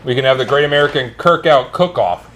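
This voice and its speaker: A man co-hosting a comedy show, playfully pitching silly ideas. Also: fairly quick, a bit bright, a little hiss or hum. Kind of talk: joking banter.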